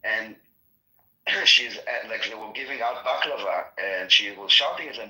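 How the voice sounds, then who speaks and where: Male podcast guest, earnest and halting, bright edgy tone, roomy echo. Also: lowish voice. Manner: earnest, halting with many restarts. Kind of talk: casual political discussion.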